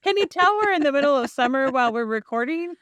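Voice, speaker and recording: A woman's voice: high voice, expressive, fast, a bit bright, dry recording. A woman co-hosting a casual book discussion, easygoing and playful with her metaphors. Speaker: podcast co-host.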